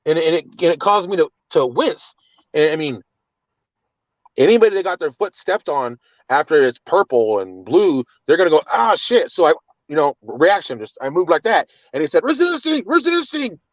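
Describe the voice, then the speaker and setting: A man's voice: a little high, animated, normal speed, no echo, muffled recording. A man with children telling an agitated, cursing story of his arrest, often repeating words. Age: adult with children. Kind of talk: casual storytelling.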